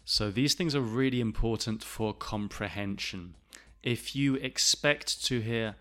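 Man, language teacher, slow careful delivery, bright forceful voice, demonstrates words by repeating them. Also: mid-range voice. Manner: slow, deliberate, repeats phrases to demonstrate pronunciation. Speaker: English teacher. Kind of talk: language lesson explanation.

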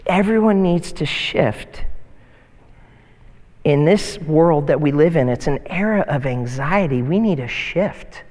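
A man preaching a sermon as a pastor in a church, animated, with mocking whiny voices when he quotes complainers. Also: a little high, takes it slowly, long reverb tail. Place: church sanctuary.

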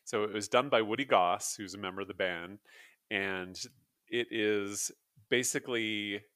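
Male co-host, casual rambling chat, low voice, dry close mic. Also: measured pace, fairly bright tone, no echo. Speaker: podcast co-host.

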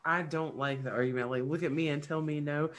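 Swearing, storytelling mom in casual chat. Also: female voice, deep voice, brisk. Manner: swears freely, lively storytelling with quoted voices. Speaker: podcast co-host.

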